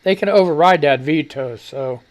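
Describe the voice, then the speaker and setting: A man's voice: fairly high pitch, moderate pace. A middle-aged man hosting a casual talk radio show, rambling, chuckling often and throwing in crude asides.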